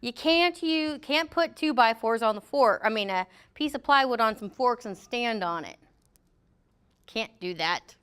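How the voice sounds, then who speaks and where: A woman's voice: a little high, expressive, unhurried, a bit bright, smooth. A middle-aged woman teaching a workplace safety class in a joking way, acting out what people say in funny voices. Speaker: safety trainer. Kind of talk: classroom training talk.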